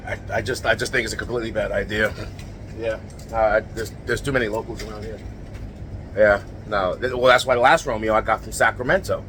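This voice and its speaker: A man cutting a brash, rambling comedic wrestling promo, full of fillers and sudden yells. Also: lowish voice, fairly even intonation, fairly quick, faint music behind.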